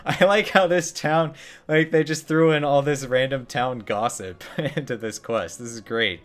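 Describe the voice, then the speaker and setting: A man's voice: mid-range voice, measured pace, fairly bright tone, faint music behind. A man streaming a game, commenting in a casual, wry and joking way.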